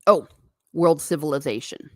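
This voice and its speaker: A woman's voice: sits low, normal speed, a little mellow, no echo, clean studio sound. A woman hosting a live stream, chatting casually and reading viewer comments aloud with frequent laughs. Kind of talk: casual chat. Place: home.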